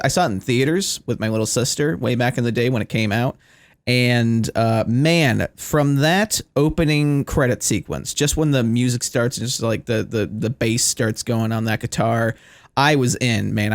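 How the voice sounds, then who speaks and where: Young male solo podcast host, casual and jokey, lively mid-range voice, dry close sound. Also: medium pitch, no room sound. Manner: playful, rambling, joking asides.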